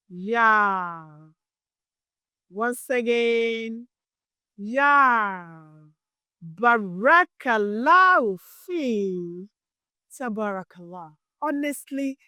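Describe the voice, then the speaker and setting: A woman gently teaching young children their letters, speaking very slowly and drawing out each sound. Her voice is smooth and clear, recorded close and dry with no room sound. She praises the listener often and keeps an encouraging, patient manner. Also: on the high side, dry recording. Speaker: children's Arabic alphabet teacher.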